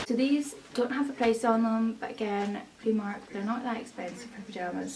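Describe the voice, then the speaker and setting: A young woman talks through a shopping haul in a loose, chatty way, drifting into opinions. Her voice sits back from the mic. A steady background noise runs under her. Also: medium pitch, gravelly. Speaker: vlogger. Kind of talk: casual haul chat. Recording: distant mic, noisy room.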